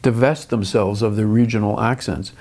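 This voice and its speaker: This older film director has a lowish, steady voice, a little mellow, at a normal pace. Interviewed in conversation, he reflects thoughtfully, frequently restarting his sentences and chuckling dryly.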